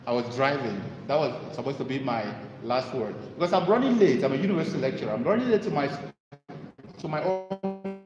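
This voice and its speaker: A man giving a motivational talk to an audience, telling stories and pitching his mentorship. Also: brisk, muffled recording. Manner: animated storytelling, sales pitch. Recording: echoey hall with long reverb.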